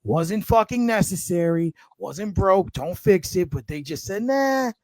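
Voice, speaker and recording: A man's voice: sits high, animated, unhurried, darkish tone, poor audio. A young man co-hosting a sports podcast, talking casually and rambling, often repeating his words as he goes. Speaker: podcast co-host.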